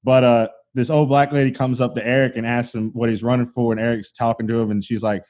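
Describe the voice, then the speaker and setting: A man hosting a podcast, telling anecdotes in an animated, profane, rushing way. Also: mid-range voice. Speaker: podcast host. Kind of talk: casual storytelling chat.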